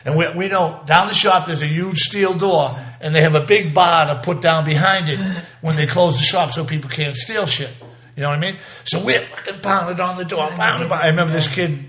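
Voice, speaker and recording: A man's voice: fairly high pitch, moderate pace, pushed and bright. A man, telling a vivid, profane, rambling story in a casual interview, full of restarts. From South Boston. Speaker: interview guest.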